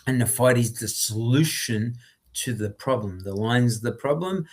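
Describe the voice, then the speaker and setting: A man's voice: medium pitch, a little slow. Intense, emphatic man telling stories. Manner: intense, emphatic, restarts often. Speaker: podcast guest, former criminal turned entrepreneur. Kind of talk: animated motivational storytelling.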